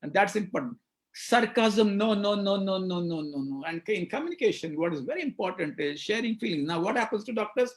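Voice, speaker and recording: A man with an Indian English accent giving an animated webinar lecture, acting out dialogues and repeating words. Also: high-pitched, a little fast. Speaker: psychiatrist speaker at a medical webinar.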